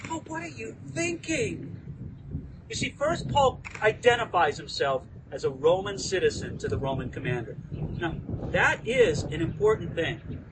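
A man teaching the Bible outdoors as a pastor, lively and acting out quoted lines. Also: extremely high pitch, a little slow, far from the mic, heavy background noise. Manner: animated, acts out quoted lines. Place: outdoors within view of a landmark hill.

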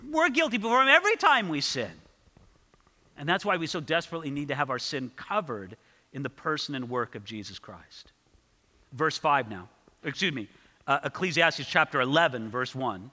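A man preaching an expository sermon, emphatic, slowing to repeat his key points and lifting his voice when he reads scripture. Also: sits high, lively intonation, sharp tone. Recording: long reverb of a large hall.

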